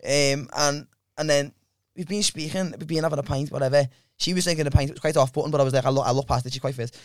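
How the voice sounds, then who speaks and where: A man's voice: fairly high pitch, fairly even intonation, fast, no room sound, studio quality. A man hosting a podcast, telling a crude rambling story in casual chat. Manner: rambling and crude, many restarts. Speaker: podcast host.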